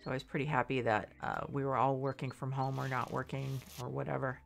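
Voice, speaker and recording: Low gravelly congested woman streamer. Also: level tone, fast talker, faint music behind. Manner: rambling, self-doubting, restarts often. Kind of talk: casual gameplay commentary.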